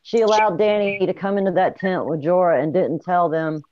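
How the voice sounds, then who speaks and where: Woman, low voice, emphatic and jokey, dull lo-fi call sound. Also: fairly even intonation. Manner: emphatic, jokey, quick agreements. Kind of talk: casual group chat over video call.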